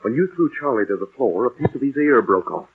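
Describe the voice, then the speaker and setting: A brisk, urgent young confidant. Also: male voice, medium pitch, expressive, breathy edge. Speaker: Mister Alden in a radio drama. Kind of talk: 1940s radio acting. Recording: lo-fi old radio broadcast.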